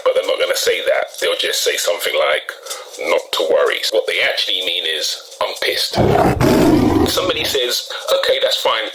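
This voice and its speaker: Wry British man, low voice. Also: rough recording. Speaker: video host. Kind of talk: casual explainer to camera.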